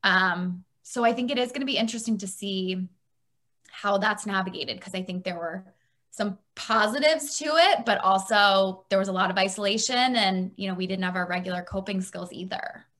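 A woman's voice: medium pitch, normal speed, fairly bright tone. Chatty woman therapist guest. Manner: chatty, thinks aloud with many "I think" and "like". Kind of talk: casual interview chat.

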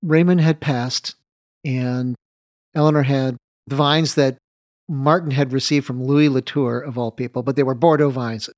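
A man in an interview spins a winemaking story and voices both sides of an old exchange, laughing now and then. His voice sits at an ordinary middle pitch. The sound is dry and close. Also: a little slow, no room sound. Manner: anecdotal, animated retelling of dialogue with light laughs. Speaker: winemaker guest.

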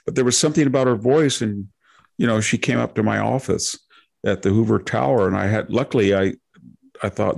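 Gravelly low-voiced man telling a story. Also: fairly quick, a little mellow. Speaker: podcast co-host. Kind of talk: conversational storytelling.

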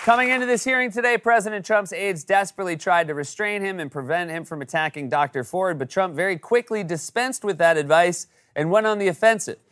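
A man's voice: sits high, brisk, hardly any pauses, a bit bright. A man hosting a late-night comedy show, delivering a sarcastic, jokey monologue.

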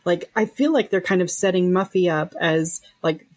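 A woman's voice: fairly low pitch, moderate pace. A woman writer who is a guest on a podcast, talking in casual chat in a thoughtful, analytical way.

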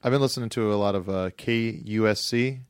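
A man's voice: on the low side, a little fast, clean tone, no echo. A man co-hosting a comedy podcast in a studio, riffing in a playful mock-serious way. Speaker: podcast co-host.

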